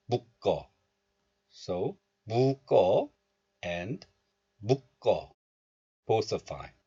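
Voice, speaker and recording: Guy teaching korean sounds, slow and careful, lots of ups and downs in his voice, kinda low. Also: darkish tone, breathy edge, highs cut off. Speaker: Korean language teacher, channel host. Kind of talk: explaining phonics lesson.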